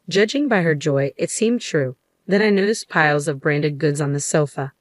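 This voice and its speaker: A woman reads a first-person story in a steady, matter-of-fact way. Her voice is low, and the recording is dry and close with no room sound. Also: moderate pace, few pauses, dry recording. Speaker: story narrator. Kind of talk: scripted first-person narration.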